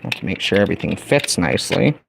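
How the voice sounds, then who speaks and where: A middle-aged man from the United States hosts a laid-back livestream as he works on a build. His voice has a gravelly edge, and he chats in a folksy way with the people watching. A faint hiss sits under his talk. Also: low-pitched, very animated, quick pace. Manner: folksy and chatty, talking to viewers. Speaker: livestream host. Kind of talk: casual livestream chat while building a kit.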